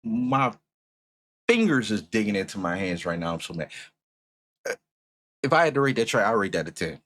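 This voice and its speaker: A man streaming a music reaction, talking casually and swearing often, swinging between loud outrage and low muttering. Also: sing-song, moderate pace.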